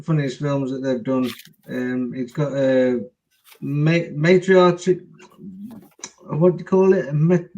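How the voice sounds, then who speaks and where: A man's voice: fairly high pitch, darkish tone, dull audio. A man co-hosting a casual live-stream film chat, joking and rambling a little over a home video call.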